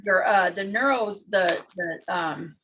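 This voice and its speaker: A woman's voice: fairly low pitch, takes it slowly, fairly bright tone, a little hiss or hum, rough recording. A woman in casual chat on a video call, telling a personal story earnestly with restarts. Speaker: participant in a craft video call.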